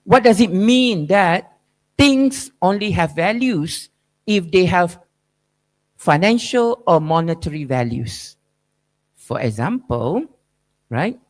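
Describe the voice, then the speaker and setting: Speaking slowly and pausing often, a man gives an academic keynote in a high-pitched voice with lively intonation. His lecturing is probing and emphatic, built on rhetorical questions and "right?" tags.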